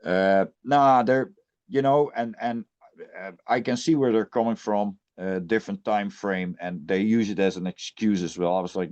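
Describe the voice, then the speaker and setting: A man's voice: fairly low pitch, moderate pace, a little mellow. Blunt, profane man ranting, muffled audio. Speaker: podcast guest, death metal musician. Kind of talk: casual podcast chat.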